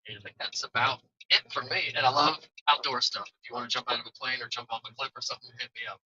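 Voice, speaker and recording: A man's voice: mid-range voice, fairly even intonation, very fast, bright, forceful tone, slightly rough, dry recording, highs cut off. A man from central Pennsylvania introducing himself as a real estate agent turned digital marketer, in an upbeat, plainspoken way. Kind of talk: casual self-introduction.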